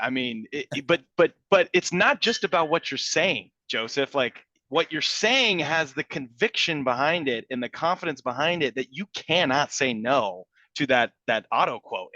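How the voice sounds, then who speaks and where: A man's voice: on the high side, sharp tone, no echo. A man in insurance sales giving enthusiastic feedback on a video call, with stammering restarts. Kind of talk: webinar discussion. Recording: dull, dry lo-fi audio.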